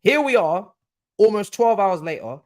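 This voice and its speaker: A man's voice: high voice, lively intonation, normal speed, darkish tone. Rambling man streaming football. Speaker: streamer hosting a football watchalong. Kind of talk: casual live-stream chat.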